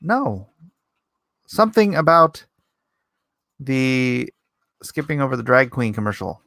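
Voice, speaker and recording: A man's voice: mid-range voice, big pitch swings, slow, gravelly, pauses often, fairly bright tone, no room sound, clean studio sound. A man hosting a casual livestream, reading viewer comments aloud and chatting back in a rambling, self-deprecating way. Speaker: livestream host.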